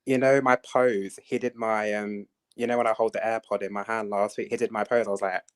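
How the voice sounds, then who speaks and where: A young man calling into a live stream on his phone microphone, eager and excitable, often laughing as he talks. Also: lowish voice, fairly quick, smooth. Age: young adult.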